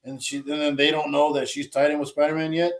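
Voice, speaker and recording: A man's voice: on the high side, flat delivery, fast, poor audio. A man in casual chat, dropping sarcastic, short quips.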